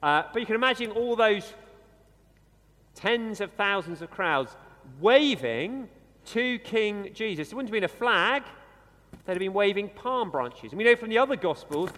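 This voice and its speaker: A man delivers a sermon in a bright, high voice that swoops up and down with energy. He talks conversationally and slows to a hush on key words. The church around him adds a long, trailing reverb. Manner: conversational, animated, with dramatic pauses and slowed emphasis. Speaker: preacher.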